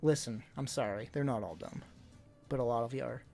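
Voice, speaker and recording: A man's voice: medium pitch, brisk, gravelly, dark tone, soft background music. A man livestreamer chatting casually to his audience, telling stories in a blunt, rambling way. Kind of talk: casual chat to a live stream audience.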